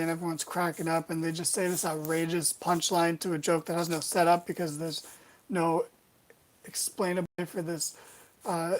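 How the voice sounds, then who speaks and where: A woman with a fairly low voice talks through a wrestling recap in a loose, casual way. She wanders between points and keeps dropping in wry, sarcastic little asides. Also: poor audio.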